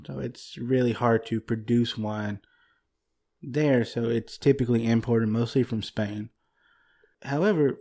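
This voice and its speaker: A man with a warm, mellow voice tells history on a laid-back podcast. He talks into a desk microphone in an easygoing way and laughs often as he explains. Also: medium pitch. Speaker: podcast co-host. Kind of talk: casual podcast history talk.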